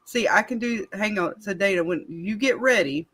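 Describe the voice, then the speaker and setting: A woman's voice: medium pitch, moderate pace, a bit bright, husky. A woman hosting a casual live-stream chat, rambling and laughing with lots of fillers. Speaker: channel host.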